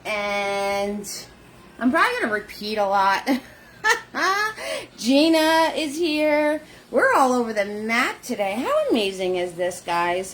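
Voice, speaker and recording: A woman leading a live painting lesson, chatty and warm with viewers, greeting them by name in sing-song hellos. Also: medium pitch, a little hiss or hum. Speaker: painting instructor.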